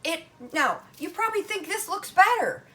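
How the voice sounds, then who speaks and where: A woman's voice: very high-pitched, animated, moderate pace, sharp tone. An older woman hosting a home cooking demonstration in her kitchen, talking in a chatty, folksy Italian-American grandmother way.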